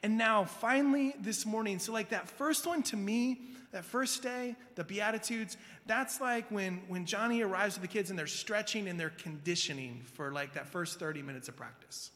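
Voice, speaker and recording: Chatty high-voiced male pastor, reverberant hall. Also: normal speed, hardly any pauses, a bit bright. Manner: conversational, chatty, uses lots of "like" fillers. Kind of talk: casual sermon.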